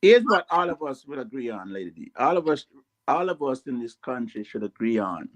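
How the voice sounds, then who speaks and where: A man's voice: mid-range voice, sing-song, brisk. A man on a radio talk show insisting on his point in a heated debate.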